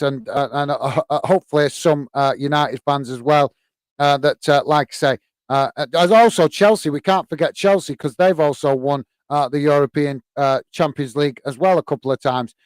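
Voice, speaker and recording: A man's voice: fairly high pitch, steady tone, brisk, no echo. A man from the UK hosting a live football watch-along, reading viewer comments in a hesitant, friendly way with lots of fillers and calling people mate.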